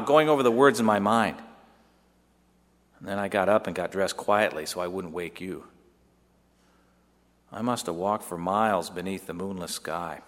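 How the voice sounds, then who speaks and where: Joseph, an earnest young son pouring out a tender memory to his mother, as a man plays him. The voice sits a little low and is heartfelt, told as a storytelling monologue. A long hall reverb trails every line. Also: fairly bright tone. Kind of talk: dramatic first-person monologue.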